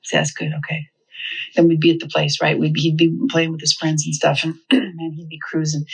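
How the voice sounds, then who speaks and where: A woman speaking to parents about raising children, lively and humorous, acting out little quoted exchanges. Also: deep voice, breathy edge, rough recording. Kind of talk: talk to parents.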